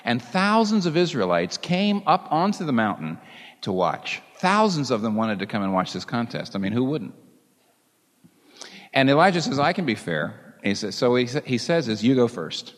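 A man preaching a sermon as a pastor, telling the story in a lively way and chuckling along with it. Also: medium pitch, normal speed, in a large hall.

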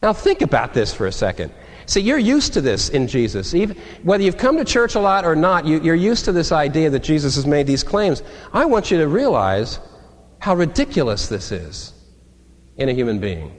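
Male pastor, sermon delivery, expressive pitch, echoing sanctuary. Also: normal speed. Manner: animated, conversational preaching with acted-out quotes. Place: church sanctuary. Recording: long reverb of a large hall.

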